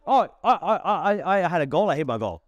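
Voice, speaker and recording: An Australian podcast host with a high voice and brisk delivery chats casually and tells a story, acting out quotes with animation and laughing often.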